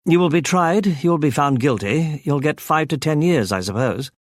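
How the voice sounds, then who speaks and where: A smooth upper-class English intelligence man, as a male audiobook narrator puts him on, breezy and mocking even while pressing a prisoner. He speaks higher than the reader's own voice, polished and unhurried, close to the mic with no room sound. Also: no room sound, lightly acted. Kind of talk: audiobook character voice.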